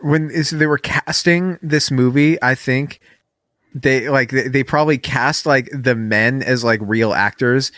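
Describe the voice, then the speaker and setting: A man's voice: medium pitch, a little slow, fairly bright tone, no room sound. A man co-hosting a podcast in casual chat, making rambling, joking asides. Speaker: podcast co-host.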